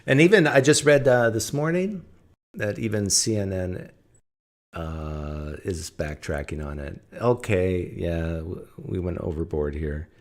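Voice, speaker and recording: A man with a deep, unhurried voice hosts a call-in show. He offers casual commentary, chatting with amusement in loose phrasing full of fillers.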